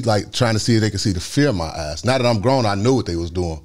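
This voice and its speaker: Middle-aged Chicago man, a low-voiced and fast guest storyteller, animated, heavy slang. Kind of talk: casual street storytelling.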